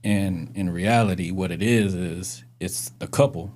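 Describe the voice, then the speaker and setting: Low, mellow-voiced man musing earnestly. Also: a little slow. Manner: reflective, earnest, asks questions. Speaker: podcast host. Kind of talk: casual conversation.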